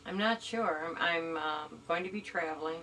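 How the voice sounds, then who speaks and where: A woman being interviewed, speaking thoughtfully and hesitantly, pausing to search for words as she tells a story. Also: low-pitched, bright, forceful tone, a little hiss or hum, low-quality recording. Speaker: interview guest. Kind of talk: casual conversational interview.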